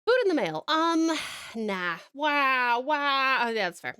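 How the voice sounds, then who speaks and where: A high-voiced Australian woman chatting casually on her live stream. Her pitch swings widely and she greets viewers warmly by name with pet names, swearing freely along the way. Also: very animated, slow, clear, resonant tone. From Tasmania, Australia.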